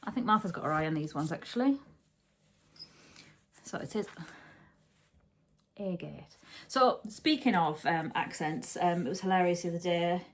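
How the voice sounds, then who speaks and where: A woman's voice: on the low side, normal speed. A chatty woman talking at home as she hosts a knitting podcast. She rambles, restarts her sentences and corrects herself as she goes. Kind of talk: casual chat.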